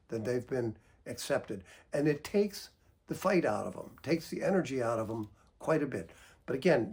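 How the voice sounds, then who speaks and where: Husky-voiced guy explaining patiently, calm advice talk, lots of examples. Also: medium pitch.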